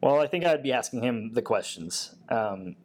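A man being interviewed on a podcast who answers in an easygoing way, often pausing with fillers. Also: mid-range voice, expressive, a little mellow. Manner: easygoing, hesitant with many fillers. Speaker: guest, Air Force technician.

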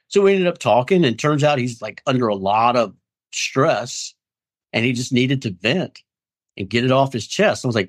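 A man's voice: mid-range voice, expressive, moderate pace, no room sound, studio quality. A middle-aged man speaking candidly as an interview guest, earnest and rambling, often acting out friends' voices. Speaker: guest in recovery.

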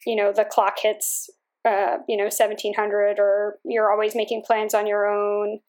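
A young adult woman, a Marine officer, giving a measured, reflective interview answer with everyday fillers. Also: medium pitch, completely flat delivery, darkish tone.

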